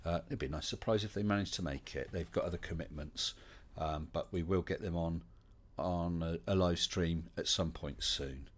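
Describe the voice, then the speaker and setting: A man's voice: deep voice, normal speed. A man with an English West Country accent hosting a casual livestream chat, chatty and welcoming, with many fillers. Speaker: livestream host.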